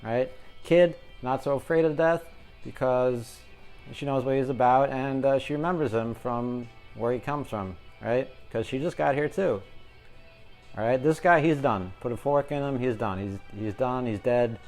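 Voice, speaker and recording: A man doing a relaxed tarot card reading for his viewers. He jokes and rambles as he talks, in a voice of ordinary pitch. Faint music plays in the background. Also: moderate pace. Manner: jokey, chatty, talks to viewers as collective. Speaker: tarot reader.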